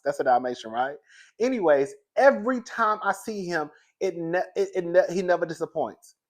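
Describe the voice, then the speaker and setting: Chatty man telling gossip stories. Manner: chatty gossip, says "girl" a lot, laughs often; animated, high-pitched and loud when laughing through the story. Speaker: vlogger. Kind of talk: casual storytelling chat.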